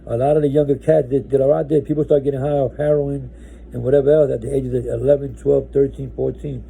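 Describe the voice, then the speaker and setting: A man's voice: medium pitch, flat delivery, fast talker, gravelly, mellow, a little hiss or hum, poor audio. A man from New Jersey telling his own story casually, rambling with lots of restarts. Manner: rambling, with many restarts and "right?".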